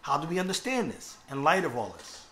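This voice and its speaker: A man's voice: on the high side, very animated, a little fast, pushed and bright, a little hiss or hum. A man delivering a religious lecture, earnest and conversational, often checking in with his listeners. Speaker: Islamic lecturer.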